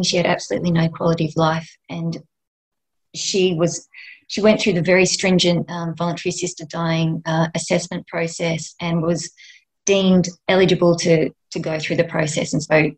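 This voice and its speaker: A middle-aged woman with an Australian accent, speaking gently and with feeling as a guest in a podcast interview. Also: on the low side, little pitch movement, moderate pace, rough recording. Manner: gentle, emotional, heartfelt. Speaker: end of life doula and nurse, guest.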